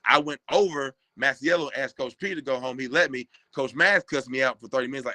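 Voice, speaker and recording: A man's voice: medium pitch, fairly quick, hardly any pauses, dry recording. A man in his thirties from Kentucky, a former basketball player telling stories as a podcast guest and acting out what others said. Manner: animated, acts out other people's lines. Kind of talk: casual storytelling. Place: podcast studio.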